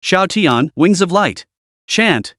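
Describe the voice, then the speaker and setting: A man voicing a calm, confident young male beast tamer who gives unhurried commands. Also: sits high, dry recording, clean studio sound, pitched above the performer's own voice, heavily acted.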